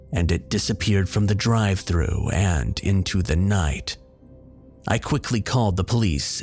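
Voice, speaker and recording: A man telling a first-person horror story in a steady, measured way. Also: lowish voice. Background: faint background music.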